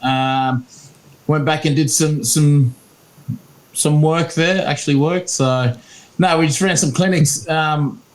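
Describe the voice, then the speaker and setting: Relaxed, chatty man with a slightly higher voice. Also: slow pace, low-quality recording. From Fiji. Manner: laid-back, laughs often, trails off with fillers. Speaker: podcast co-host and rugby commentator. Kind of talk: casual chat.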